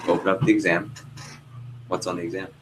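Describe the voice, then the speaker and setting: A young male trainer speaks to a live room of trainees in a slightly low voice. He tells stories and keeps asking the group questions. A faint hum of room noise sits under him. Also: brisk. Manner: lively storyteller, asks the room questions. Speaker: sales trainer. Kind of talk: workshop teaching with a story.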